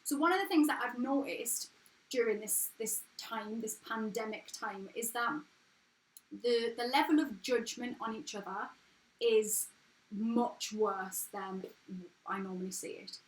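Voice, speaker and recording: A woman's voice: a little high, measured pace. A woman in her thirties with an everyday English accent, hosting a casual motivational live stream from home, talking frankly and earnestly in a chatty way. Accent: English, not posh. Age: 30s. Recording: echoey room.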